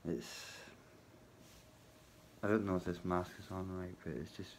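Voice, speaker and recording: Low, slow-talking man vlogging. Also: slight background noise. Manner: halting, many ums, wry humour. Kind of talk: casual spoken vlog. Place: hotel workplace at night.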